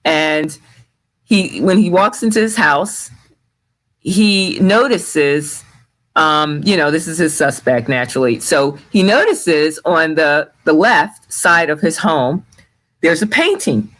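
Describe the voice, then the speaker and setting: Halting man hosting a video call. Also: on the high side, expressive, fairly bright tone, rough recording. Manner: halting and distracted, full of restarts and "hold on". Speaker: show host sharing his screen. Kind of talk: casual live video chat.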